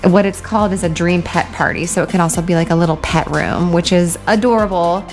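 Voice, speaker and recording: A woman's voice: fairly low pitch, brisk, darkish tone, soft background music. A woman hosting a toy crafting video, chatting casually and gushing over small details. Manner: gushing, enthusiastic. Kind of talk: casual toy review chat.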